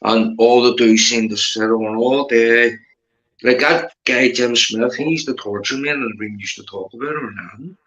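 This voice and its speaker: A man's voice: mid-range voice, normal speed, fairly bright tone, reverberant, poor audio. A man with a Northern Irish accent in rambling casual chat, repeating himself and calling his friend mate. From Northern Ireland.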